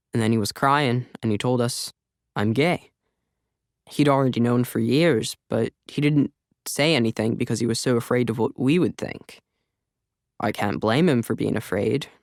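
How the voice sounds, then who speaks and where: A male narrator puts on an older man with a faint accent who rambles on earnestly, his voice pitched a touch higher and pushed louder than the narration. The gravelly grain stays, and the room is dry. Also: no echo, lightly acted. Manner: slight unplaced accent, earnest, meandering.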